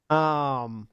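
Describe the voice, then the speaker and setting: A man narrating a tabletop game as dungeon master, casual and halting with many fillers. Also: on the high side, smooth, no echo, studio quality.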